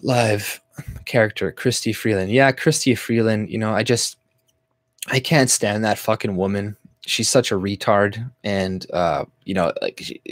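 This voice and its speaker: A man's voice: lowish voice, dry recording, clean studio sound. A Canadian man hosting his own channel, ranting bluntly and profanely on a livestream while reading viewer comments, with lots of fillers and restarts. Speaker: YouTube channel host.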